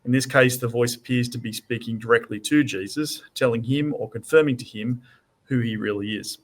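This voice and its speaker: Man reading book passages aloud steadily. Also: mid-range voice. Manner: measured, reads long passages aloud, steady explanations. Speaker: co-host.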